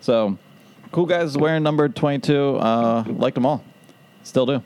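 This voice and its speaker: A man's voice: mid-range voice, measured pace, darkish tone, clean tone. A man co-hosting a casual podcast, rambling through his ideas and laughing at them. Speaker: podcast co-host.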